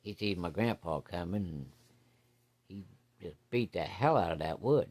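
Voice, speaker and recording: A man's voice: deep voice, animated, measured pace, darkish tone, slightly rough. Folksy, salty male storyteller. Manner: folksy, salty, uses profanity. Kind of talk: casual spoken storytelling.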